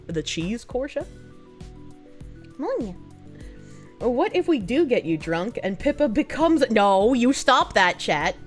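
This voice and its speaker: A woman streamer chatting casually with her viewers, thanking donors and swearing freely between quick laughs. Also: on the high side. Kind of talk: casual livestream chat, reading donations.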